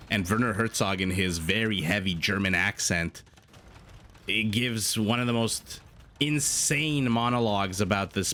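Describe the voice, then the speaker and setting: A man casting a strategy game match as a tournament co-host, excitable and prone to rambling tangents. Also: on the low side, slight background noise. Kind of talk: esports match commentary.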